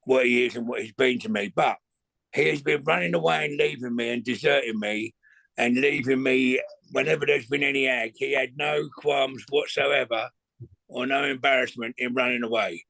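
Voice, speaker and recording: A man's voice: mid-range voice, normal speed, gravelly, pushed and bright, dry recording. A middle-aged man, telling rambling stories as a guest in a casual chat, swearing freely and often restarting his sentences.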